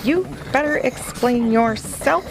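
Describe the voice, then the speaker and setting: A woman's voice: fairly high pitch, lively intonation, takes it slowly, creaky, pitched above the performer's own voice, heavily acted. A woman voicing a small but very brave little dog with a feisty, demanding way of talking.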